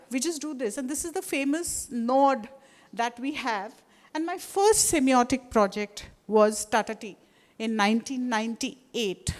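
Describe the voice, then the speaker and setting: A middle-aged Indian woman with an Indian English accent, giving a talk to a live audience and wandering through restarts and asides. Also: on the high side. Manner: discursive, with many restarts and asides. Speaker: guest speaker.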